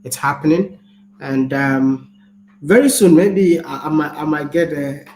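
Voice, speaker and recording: A man's voice: on the high side, a little slow. A Ghanaian man, a travel vlogger with a Ghanaian accent, chatting casually and animatedly, often restarting his words. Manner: animated, laughs often, repeats words when starting. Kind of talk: casual chat. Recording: echoey room, faint background noise.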